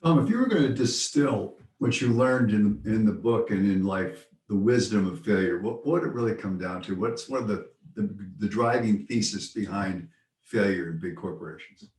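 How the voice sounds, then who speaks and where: A male interview host with a somewhat low voice, asking thoughtful questions and often restarting his phrases. He sounds set back from the mic, in a roomy space with noticeable echo. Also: moderate pace, darkish tone, far from the mic.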